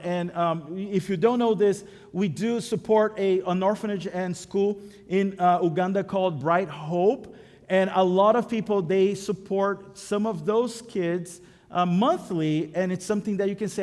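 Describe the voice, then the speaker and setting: A man whose voice sits high, unhurried and a little mellow, preaches a sermon as a pastor. His delivery is conversational and story-driven, laced with jokes at his own expense, and the church sanctuary around him echoes.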